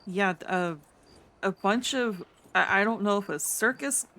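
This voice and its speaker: A woman roleplaying a character in an online game, chatting casually and halting over her words. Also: medium pitch, sharp tone. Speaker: roleplay streamer.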